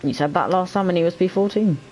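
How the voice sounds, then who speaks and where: A man's voice: high voice, quick pace, a little mellow, a little hiss or hum. A man commentating a sim race in a put-on Australian accent, with joking banter full of "mate". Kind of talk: casual sim racing commentary.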